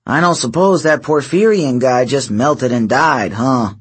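A man voicing a cheeky, wisecracking teenage boy with a husky voice. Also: mid-range voice, measured pace. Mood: wry.

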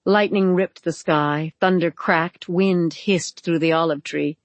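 An audiobook narrator giving a measured, dramatic reading of a novel, recorded close. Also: medium pitch, fairly even intonation, dry recording.

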